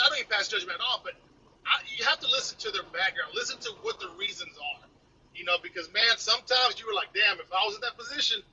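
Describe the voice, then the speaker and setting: A man's voice: sits high, creaky, bright, forceful tone, husky. Texan man on a lo-fi call line. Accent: Texas. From Texas. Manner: rambling, repeats "man" and "you know". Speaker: caller. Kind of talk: casual call-in chat. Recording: distant, dull lo-fi call audio.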